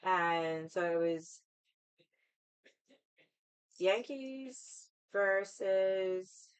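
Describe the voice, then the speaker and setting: Smooth-voiced woman rambling, swearing freely. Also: mid-range voice, expressive, very slow, low-quality recording. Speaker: livestream host chatting with viewers. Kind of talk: casual chat.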